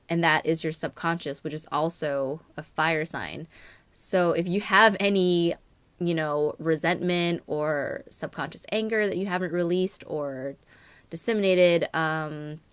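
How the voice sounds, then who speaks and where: Low-voiced chatty woman tarot reader. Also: clean tone, dry recording. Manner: rambling, many fillers and "like". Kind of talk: casual astrology reading.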